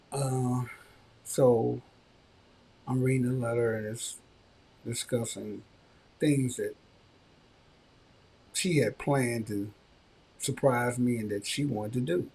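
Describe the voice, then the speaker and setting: A man hosting a podcast, telling a personal story in casual conversation and giving frank advice, with animated bursts when he quotes others. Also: medium pitch, slow, gravelly, long pauses, slight background noise. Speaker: podcast host.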